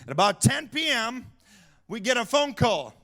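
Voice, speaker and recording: A male pastor telling a story in a sermon, animated, shouting for emphasis and laughing often. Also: extremely high pitch, normal speed. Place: church sanctuary.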